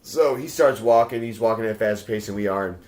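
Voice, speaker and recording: A man appears as a podcast guest, chatting casually and telling a rambling story packed with swearing and acted-out quotes. His voice is lowish with a darkish tone, and he talks fast. The recording has a roomy echo.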